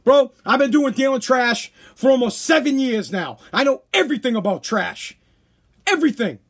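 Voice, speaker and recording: Man, very high voice, blunt profane podcast rant, casual monologue. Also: lively intonation, normal speed, husky. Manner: profane, blunt, worked-up rants. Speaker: podcast host.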